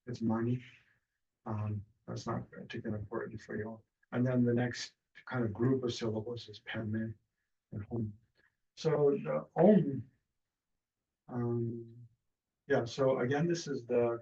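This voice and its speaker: A man teaching a meditation class in a relaxed, hesitant way with many fillers and restarts, speaking over a video call. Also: mid-range voice, gravelly. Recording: distant, dull lo-fi mic.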